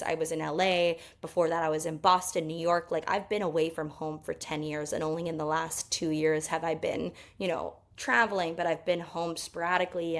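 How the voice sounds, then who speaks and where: Young woman telling a personal story, kinda low voice, lots of vocal fry, talks candid and emotional. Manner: candid, emotional, many fillers. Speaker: podcast host.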